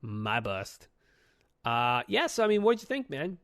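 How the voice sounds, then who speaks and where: Animated, profane man on a dry mic. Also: no room sound. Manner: animated, profane retelling with quick pitch jumps. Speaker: podcast co-host. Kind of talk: casual podcast chat.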